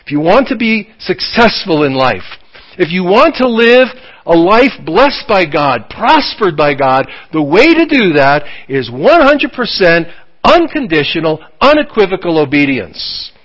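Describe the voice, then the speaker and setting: A man preaching a sermon, animated and acting out little dialogues as he speaks. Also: sits high, measured pace, poor audio. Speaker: pastor.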